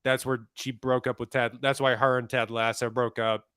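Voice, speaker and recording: A young man co-hosting a podcast and chatting casually in a gossipy, wry way. His voice is smooth and resonant. The sound is dry and close. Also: mid-range voice, flat delivery, moderate pace, fairly bright tone, dry recording. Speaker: podcast co-host. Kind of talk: casual chat.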